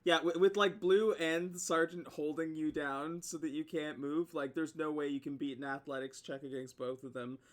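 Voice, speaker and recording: A man with a slightly high voice runs a tabletop game as game master. He swears freely and laughs in disbelief as he calls for rolls and narrates. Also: fairly even intonation, moderate pace, hardly any pauses. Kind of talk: running a tabletop game over voice chat.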